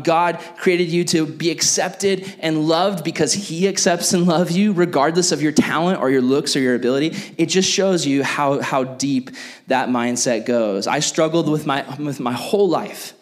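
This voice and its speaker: A young man giving a casual sermon to young people, chatty and animated, acting out little scenes. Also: fairly high pitch, moderate pace. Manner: animated, chatty, full of "like", acts out bits. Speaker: youth pastor.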